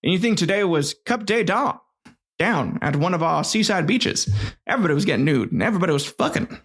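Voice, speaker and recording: A man's voice: high-pitched, expressive, fast talker, a bit bright, slightly rough, exaggerated voice. A man putting on an old-timey radio announcer voice. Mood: wondering. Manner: theatrical, announcer-like delivery. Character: WW1 private reading his diary as an old-timey male radio announcer.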